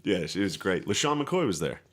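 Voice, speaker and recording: Brief: deep-ish male co-host, loose comedic podcast banter, swears and laughs through stories. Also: sing-song, a little fast, fairly bright tone. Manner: profane, laughing storyteller. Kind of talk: casual comedic podcast chat.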